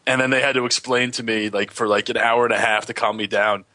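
A man's voice: fairly low pitch, fairly even intonation, quick pace, bright, forceful tone, dry recording. A young man co-hosting a podcast in casual chat, joking and often restarting his sentences. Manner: hesitant, repeats words, joking. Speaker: podcast co-host.

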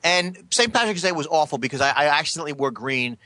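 A man talks with a fussy, deadpan dryness in a casual comedic chat. His voice is bright and lively, moving over a wide pitch range. It sounds close and dry. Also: fast, no echo.

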